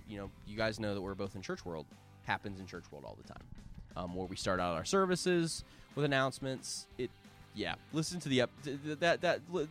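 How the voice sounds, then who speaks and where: A man co-hosting a podcast in casual chat, animated and stumbling into quick restarts. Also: on the low side. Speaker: podcast co-host.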